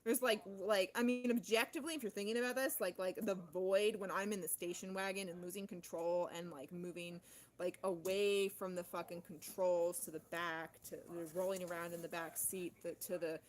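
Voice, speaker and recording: A woman talking in an unscripted personal vlog monologue. She rambles with heavy swearing and many fillers, swinging between low, fast murmuring and loud, intense outbursts. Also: fairly even intonation, a little hiss or hum. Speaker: vlogger.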